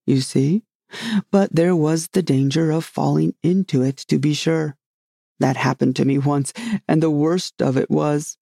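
A reader voicing a solemn, rambling knight who loves his inventions, speaking gravely and earnestly in a storybook reading. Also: medium pitch, dark tone, dry recording, clean studio sound.

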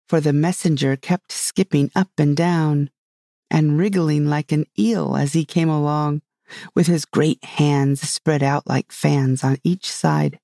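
Gravelly man narrating a storybook. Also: fairly high pitch, steady tone, slow pace, dark tone, no room sound, clean studio sound. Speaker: audiobook narrator. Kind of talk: scripted narration.

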